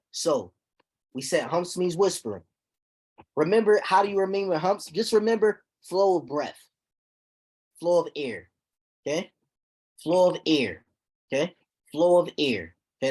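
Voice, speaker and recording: A man teaching a recitation class, explaining terms slowly and checking on his students with repeated "okay?". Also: a little high, breathy edge. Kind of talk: classroom lesson.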